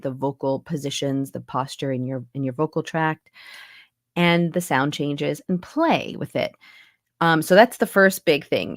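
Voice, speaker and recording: A woman's voice: low-pitched, no echo. Chatty woman voice coach, dry sound. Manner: chatty, explains with lots of asides. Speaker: accent and dialect coach, voice actor. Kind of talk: casual interview chat. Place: home recording booth.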